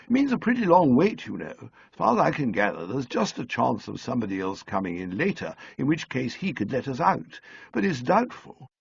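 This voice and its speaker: A man reading an audiobook, voicing an amiable, bumbling upper-class young English gentleman in a breezy, flustered way. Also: medium pitch, huge pitch swings, fairly quick, creaky, husky, no echo, highs cut off, pitched above the performer's own voice, full character voice. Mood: eager. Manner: breezy, flustered toff slang. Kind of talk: audiobook character voice.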